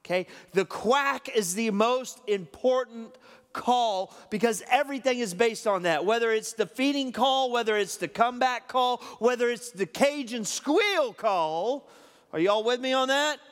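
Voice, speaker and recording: A man's voice: sits high, clear, resonant tone, in a large hall. A man preaching a sermon in a folksy way, often checking in with "okay?". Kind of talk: sermon with illustration. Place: church hall.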